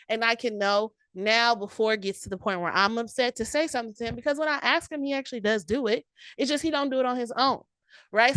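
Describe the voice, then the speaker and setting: A woman's voice: on the high side, a bit bright, no room sound. A young adult woman hosting a podcast, giving casual, direct relationship advice and calling the listener honey and baby. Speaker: podcast host.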